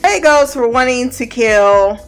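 Reviewing a TV show, a woman gives a casual recap that's blunt and profane, frequently dissolving into laughter. Her voice is on the high side and a little slow, with faint music playing behind her.

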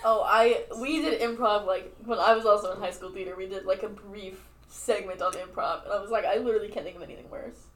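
A woman's voice: medium pitch, fast. A woman co-hosting a podcast in casual chat, wry and teasing, steering the conversation along. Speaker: podcast co-host. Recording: roomy echo.

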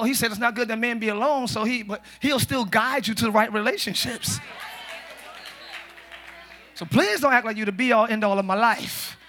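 A male pastor preaching a lively sermon in a church, animated and joking, breaking into shouts. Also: very high voice, a little hiss or hum. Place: church service. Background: congregation responding.

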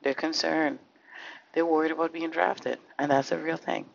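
Male podcast host, gravelly and impassioned, heavy on rhetorical questions, dull lo-fi sound. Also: fairly high pitch, steady tone, moderate pace. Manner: fervent, full of rhetorical questions, swears now and then. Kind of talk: impassioned social commentary monologue. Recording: slightly dull lo-fi recording.

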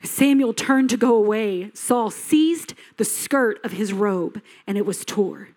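A woman's voice: mid-range voice, expressive, slow pace, darkish tone. A middle-aged woman pastor from Texas preaching a sermon, reading scripture aloud and breaking into emphatic, passionate asides. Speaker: lead pastor.

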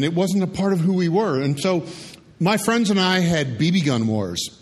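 An older man telling a childhood story live on stage in an unhurried, folksy, reflective way. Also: a little high, long reverb tail.

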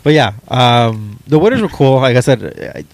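A man's voice: mid-range voice, very animated, measured pace, dry recording. A man co-hosting a casual chat, hesitant, with many ums and restarts. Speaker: podcast co-host. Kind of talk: casual chat about movies.

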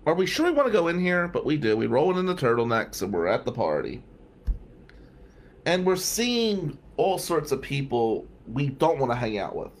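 A man telling a long personal story in a casual, digressive way, with wry asides and some swearing. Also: mid-range voice.

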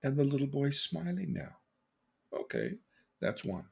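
An older man, a podcast host, earnestly telling personal stories, his voice swinging between loud and hushed. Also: medium pitch, huge pitch swings, a little slow, vocal fry, husky. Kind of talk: personal storytelling.

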